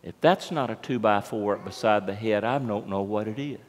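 A man's voice: on the low side, moderate pace. A man preaching a sermon as pastor, telling the story conversationally and putting questions to the congregation. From United States. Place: church sanctuary. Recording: long church reverb.

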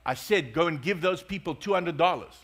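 A man's voice: a little high, a little fast, fairly bright tone. A man voicing the insistent voice of God. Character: divine male voice giving calm instructions.

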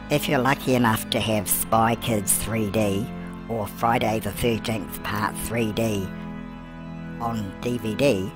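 A cheeky, chatty old grandmother, played by a man hosts a game let's-play with a fairly low voice. She keeps calling the listener love and answers her own questions. Music plays clearly underneath. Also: natural voice. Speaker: game host.

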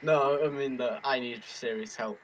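A man chatting with a friend while they play a game together, joking and teasing in a quick, casual way. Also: mid-range voice, steady tone, highs cut off. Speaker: gaming partner. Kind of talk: casual gameplay chat.

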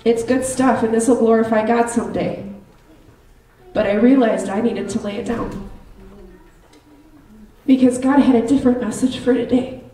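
A woman's voice: a little high, steady tone, mellow. Lay preacher, female, earnest and reflective sermon, recorded far off in a roomy sanctuary. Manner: earnest, personal, slow and reflective. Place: church sanctuary. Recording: roomy church hall, distant mic.

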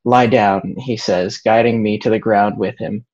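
A man reading a novel aloud in a deadpan way over a video call. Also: lowish voice, unhurried. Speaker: reader in a group reading. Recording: dull lo-fi video call audio.

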